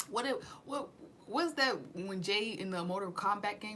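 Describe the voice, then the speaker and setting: A woman's voice: medium pitch, a little slow, noisy background. A woman doing a casual tarot reading in slangy, profane speech, with sudden drops into whispers. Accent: Southern US. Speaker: tarot reader.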